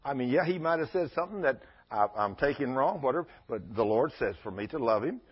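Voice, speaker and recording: A pastor with a husky, slightly breathy, medium-pitched voice delivers a sermon at a quick pace, telling folksy stories and slipping into lively voices for their characters. The audio is dull and lo-fi, much like an old church tape.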